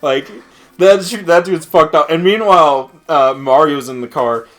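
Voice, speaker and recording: Bright-voiced young man telling laughing stories. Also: fairly high pitch, steady tone, measured pace. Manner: laughing, profane storyteller. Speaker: co-host of a gaming stream. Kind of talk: casual chat.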